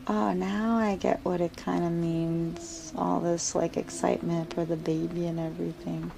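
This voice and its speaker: A woman's voice: fairly low pitch, moderate pace, creaky, noisy background. A woman voicing a guarded, wary pregnant wife who talks hesitantly.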